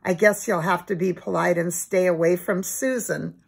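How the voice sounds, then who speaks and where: A woman's voice: lowish voice, steady tone, normal speed, vocal fry, slightly rough, full character voice. A woman voicing an eager, cheerful little boy while reading a children's storybook aloud. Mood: coaxing. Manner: bright, pleading, storybook read-aloud.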